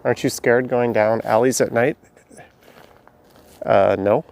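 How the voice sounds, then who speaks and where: A man's voice: medium pitch, fairly even intonation, unhurried, creaky, a little mellow. A man, walking city alleys at night on a live stream, chatting and answering viewers' questions as he goes. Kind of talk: casual live-stream narration reading chat.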